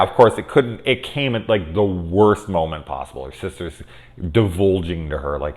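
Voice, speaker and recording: A man in his thirties giving a casual, candid spoken review of a horror film, often cursing and swinging between quiet musing and loud exasperation. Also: sits low, moderate pace.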